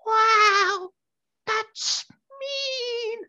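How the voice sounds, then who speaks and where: Guy putting on a squeaky wheedling old street lady hawking dvds. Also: drawn-out words, pushed and bright, highs cut off, heavily acted. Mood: chiding. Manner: high sing-song wheedling. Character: pushy older woman street DVD seller.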